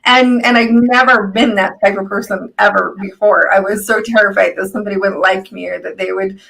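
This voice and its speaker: A woman's voice: medium pitch, steady tone, fairly quick, creaky, low-quality recording. A woman healer in casual live chat, telling stories, laughing often and acting out what others said. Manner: warm storytelling, laughs often, acts out quoted people. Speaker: healer, co-host.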